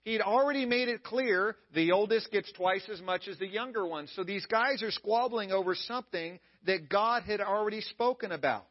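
A man's voice: high-pitched, moderate pace, few pauses, muffled recording. A male pastor preaching a sermon at a church service in a conversational way, with playful asides to the congregation.

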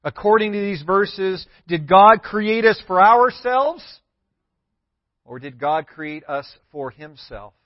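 A man's voice: high voice, animated, slow pace, no room sound. A man pastor giving a sermon, emphatic and repeating key words for stress. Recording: dull lo-fi sound.

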